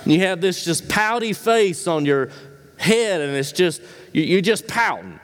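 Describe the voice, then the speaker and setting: High-voiced preacher in a reverberant hall. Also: male voice, big pitch swings, measured pace. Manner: rhetorical questions, swings between high emphatic and low quiet delivery. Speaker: pastor. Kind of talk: sermon.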